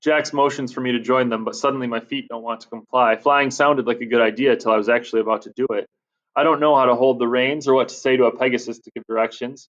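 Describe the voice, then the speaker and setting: A man reads a children's fantasy novel in first person, with lively, expressive narration. His voice sits at an average pitch. The recording is dull and muffled, like lo-fi audio. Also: fast.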